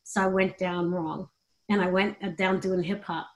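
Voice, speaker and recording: A middle-aged woman, a podcast guest, telling candid stories in an animated way and laughing between them. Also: lowish voice, moderate pace. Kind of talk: candid storytelling interview.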